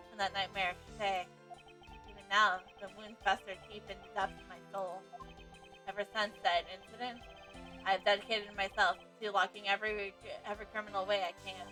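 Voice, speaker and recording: A woman streamer voicing a stiff, earnest male prosecutor in a formal, measured and slightly dramatic way. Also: medium pitch, level tone, pushed and bright, soft background music, lightly acted. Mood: brooding. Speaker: streamer voicing game dialogue.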